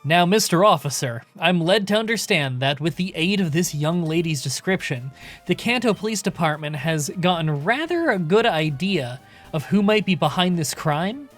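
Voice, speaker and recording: Guy doing a slick news reporter in a game, proper announcer read, voice sits a bit high for a man. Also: expressive, faint music behind, close to an everyday voice. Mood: formal. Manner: formal, measured announcer delivery. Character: polished male TV news reporter.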